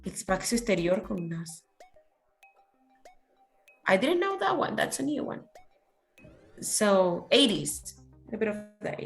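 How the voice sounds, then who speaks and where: Casting: woman teacher, encouraging and quick with praise, mid-range voice, runs an online class. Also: medium pitch, very animated, soft background music. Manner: encouraging, praises often, switches to Spanish. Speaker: English teacher.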